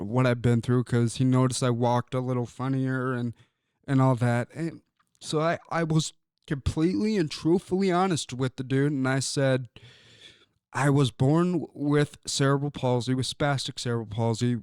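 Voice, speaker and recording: A young man from Illinois hosting a sports talk show, speaking earnestly and haltingly with frequent ums and repeated words. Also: medium pitch, darkish tone, clear, resonant tone, no echo, studio quality. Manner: earnest and personal. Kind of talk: casual sports talk monologue.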